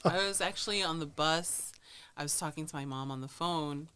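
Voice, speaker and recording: A woman's voice: low voice, normal speed, bright, forceful tone. A woman co-hosting a casual podcast, teasing the others with dry wit. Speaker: podcast co-host. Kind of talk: casual chat.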